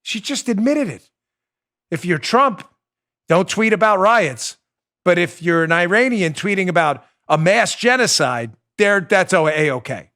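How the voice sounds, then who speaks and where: A man's voice: high voice, lively intonation, unhurried, bright, forceful tone. A man hosting a political talk show, delivering an indignant, sarcastic monologue full of rhetorical questions. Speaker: host.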